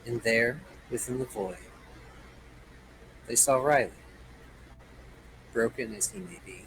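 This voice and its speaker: A man's voice: medium pitch, takes it slowly, a bit bright, a little hiss or hum, poor audio. A man running a tabletop role-playing game, narrating the story dramatically and joking with his players. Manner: storytelling, playful asides. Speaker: game master.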